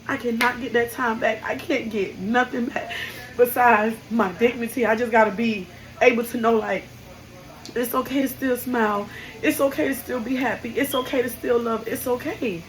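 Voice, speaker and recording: Speaking to camera at a moderate pace, a young hairstylist shares a personal story, her slightly high voice fairly even in intonation yet raw and heartfelt, breaking with grief. The audio quality is poor.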